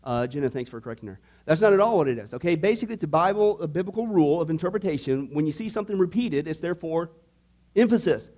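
A man's voice: fairly high pitch, expressive, fast, darkish tone. A man teaching a discipleship Bible class to a live group, playful and jokey, often checking in with "okay?" and "right?".

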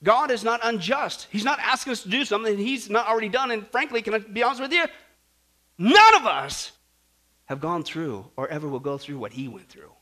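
A man preaching a sermon, animated and jokey, acting out stories and swinging between loud and soft. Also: high-pitched, fast, hardly any pauses. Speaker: pastor.

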